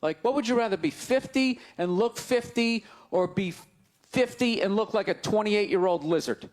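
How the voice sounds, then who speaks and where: A man doing stand-up comedy, ranting loudly and incredulously, shouting his punchlines to an audience on stage with a handheld mic. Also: high voice, animated, normal speed. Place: large comedy venue on stage. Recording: live show with crowd laughter and noise. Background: audience laughing and groaning.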